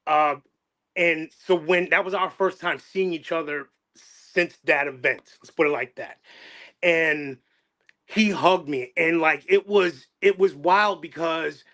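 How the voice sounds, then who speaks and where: A man's voice: on the high side, sharp tone. A middle-aged man hosting his channel, talking in an emotional, passionate way, repeating phrases and restarting his sentences. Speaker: channel host. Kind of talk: emotional casual chat.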